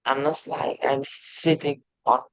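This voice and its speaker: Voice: medium pitch, steady tone, unhurried, no echo, poor audio. An English learner giving short, hesitant, broken answers in an online lesson.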